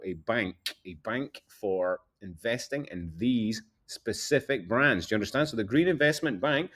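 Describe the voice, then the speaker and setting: A man's voice: lowish voice, animated, normal speed, few pauses, fairly bright tone. Rambling, chuckling male candidate. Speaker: independent political candidate. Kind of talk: casual talk over slides.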